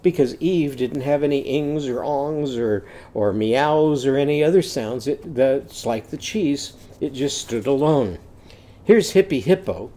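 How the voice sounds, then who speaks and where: A man's voice: a little high, warm tone. A man teaching a phonics lesson, chanting letter sounds in a sing-song way and explaining the activities.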